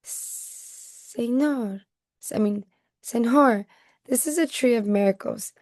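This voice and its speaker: Woman reading storybook boa constrictor, huge male snake, soft pleading hiss, dry close sound. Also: a little high, slow, no echo.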